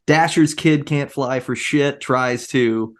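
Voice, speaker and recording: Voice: medium pitch, slow pace. A podcast co-host chatting casually, acting out quoted lines as they retell a film. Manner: animated, acts out lines in quoted voices. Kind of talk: casual chat.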